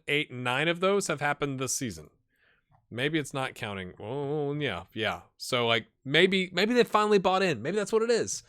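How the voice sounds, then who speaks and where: A man's voice: a little high, a bit bright, smooth, dry recording, clean studio sound. A man hosting a gaming channel, casually commenting on a management game, chatty and thinking aloud with rhetorical questions.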